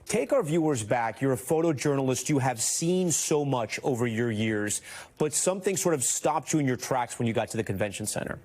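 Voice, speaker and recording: A man anchoring a news program, narrating a report and then interviewing a guest in a measured, earnest way. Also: medium pitch, lively intonation, a little mellow.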